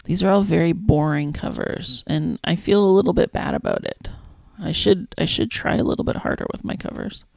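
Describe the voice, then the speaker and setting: A woman casually chatting on a livestream as she makes a zine, thinking out loud and trailing off mid-sentence. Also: on the low side, normal speed, gravelly, few pauses, dry recording. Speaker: zine maker streaming her work. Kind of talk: casual livestream chat while working.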